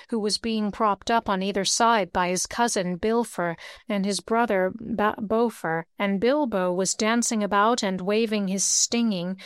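Smooth, dry-voiced woman narrating. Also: medium pitch, dry recording. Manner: steady storytelling, lifts her voice for dialogue. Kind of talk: audiobook reading.

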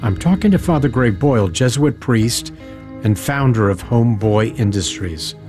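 A male podcast host with an ordinary mid-range voice who speaks in a thoughtful, measured way. He moves between questions in conversation and a scripted narrated passage, with soft music sitting faintly underneath. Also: medium pitch, expressive.

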